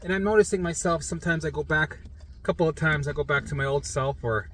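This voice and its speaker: A man's voice: a little high, fast, a bit bright, slight background noise. A middle-aged man in a casual vlog monologue, talking bluntly with plenty of swearing and acting out old arguments. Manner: blunt and profane, acts out past arguments. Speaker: vlogger.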